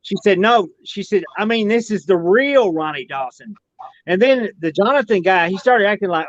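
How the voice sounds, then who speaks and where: A man with a fairly high voice spins a long, rambling tale, repeating himself as he goes. His folksy speech comes through a dull, lo-fi line with no room sound around it. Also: animated, normal speed, no room sound. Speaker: podcast guest recounting an alien encounter. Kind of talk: casual storytelling.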